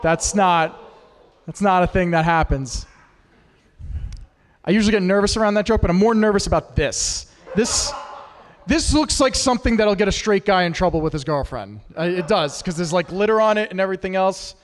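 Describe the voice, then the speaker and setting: A man's voice: high voice, normal speed, long reverb tail. A man doing a stand-up set at an open mic, crude and self-deprecating as he teases the audience. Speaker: stand-up comic. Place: small performance studio with a live audience.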